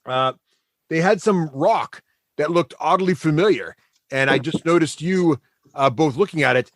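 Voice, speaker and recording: A halting, rambling male dwarf, as a man puts him on, who keeps tacking a mock Canadian "eh" onto his lines. He talks in a slightly raised pitch. The sound is close and dry. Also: animated, dry recording, close to an everyday voice. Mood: rueful. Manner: attempted Canadian accent, tacks on "eh"; halting, many "uh" fillers.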